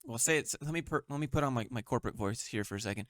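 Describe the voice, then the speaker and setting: A man's voice: mid-range voice, rapid-fire, few pauses, a bit bright, no echo, clean studio sound. A man hosting a commentary show, reading memes aloud and mocking them bluntly, swearing often. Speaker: host. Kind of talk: sarcastic meme commentary.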